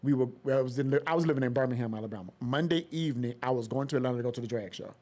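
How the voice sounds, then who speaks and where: A man's voice: medium pitch, racing, dark tone. A man, a podcast guest telling a story dramatically and acting out the voices of the people in it. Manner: dramatic, acts out voices in quotes. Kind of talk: animated storytelling.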